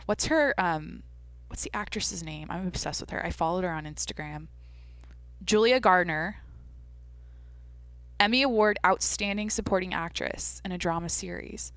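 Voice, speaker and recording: A woman's voice: fairly low pitch, moderate pace, long pauses, fairly bright tone, dry recording. A woman hosting her own podcast alone, chatting casually, rambling, restarting her sentences and swearing freely. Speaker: podcast host. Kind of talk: casual solo chat.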